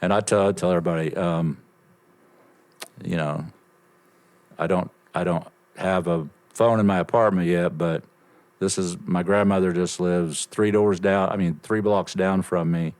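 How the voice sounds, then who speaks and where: An older man telling a lively story as a podcast guest, swearing freely and acting out bits of conversation. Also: deep voice, normal speed. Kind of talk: casual storytelling.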